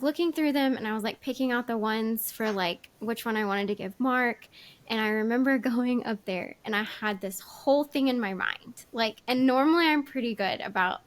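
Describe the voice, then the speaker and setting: A woman's voice: on the high side, fairly bright tone. A woman, a podcast host from Arkansas, chatting in a rambling, giggly way with lots of fillers. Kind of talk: casual chat.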